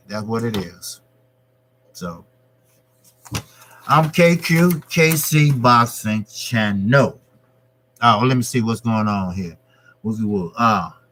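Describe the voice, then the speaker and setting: A man's voice: medium pitch, a bit bright, a little hiss or hum. A man hosting his own boxing channel, talking on a live stream in a loose, profane, repetitive way. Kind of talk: casual live-stream rant.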